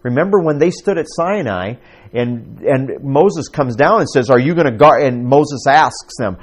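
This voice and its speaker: A man's voice: mid-range voice, animated, moderate pace, breathy edge. A man preaching a conversational sermon to his congregation, asking them questions as he teaches. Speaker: pastor.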